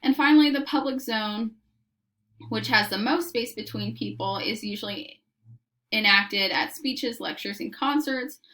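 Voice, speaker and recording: Bright-voiced woman giving a lecture. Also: on the high side. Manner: measured, explanatory, occasional restarts. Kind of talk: recorded lecture.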